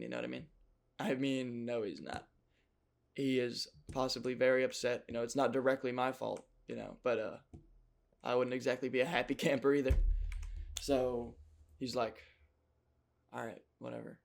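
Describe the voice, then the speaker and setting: A man's voice: medium pitch, vocal fry. A young man casually telling a rambling, jokey childhood story, full of self-mocking asides.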